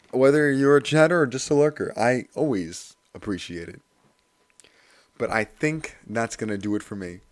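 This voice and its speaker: A man with a hoarse voice chatting casually and laughing at himself while livestreaming. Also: medium pitch. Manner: chatty, self-deprecating, laughs often. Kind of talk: casual study stream chat.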